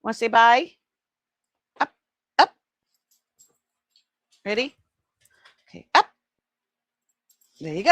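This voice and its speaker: Woman, middle-aged, slow casual chat, fillers and trailing-off sentences, cooing baby talk, dry close mic. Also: on the high side, sing-song, fairly bright tone, dry recording. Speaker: online jewelry seller. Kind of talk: casual live-sale chat.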